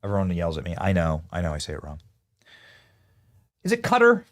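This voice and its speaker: A man's voice: low-pitched, steady tone, racing, a little mellow. A man hosting a live political commentary show, riffing animatedly and talking to his producers and chat.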